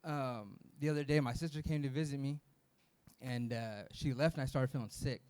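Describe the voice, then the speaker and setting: A man's voice: mid-range voice, steady tone, normal speed, a little mellow, clear, resonant tone. A man doing amateur stand-up, delivering edgy jokes in an offhand, self-deprecating way with fillers. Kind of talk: stand-up comedy set. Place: small comedy venue in a vape shop.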